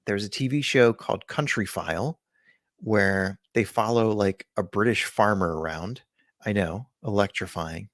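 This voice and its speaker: A man's voice: lowish voice, unhurried, no room sound, studio quality. A man co-hosting a podcast in casual chat, telling stories in a rambling, jokey way. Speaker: podcast co-host.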